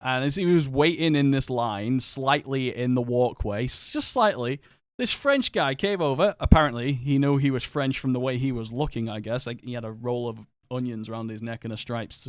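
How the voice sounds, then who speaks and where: A man with a Northern English accent, chatting casually and rambling through anecdotes while streaming a game, quick to laugh and swear. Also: mid-range voice, no room sound. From England. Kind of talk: casual live-stream chat while gaming.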